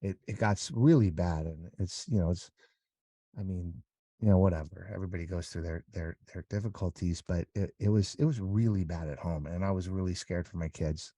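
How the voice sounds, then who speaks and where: A man with a low, deep voice and a warm, mellow tone speaks candidly as an interview guest. He talks in halting bursts full of restarts and grows animated as he tells his story. The sound is close and dry, with no room around it. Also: no room sound. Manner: halting, many restarts, animated when recounting.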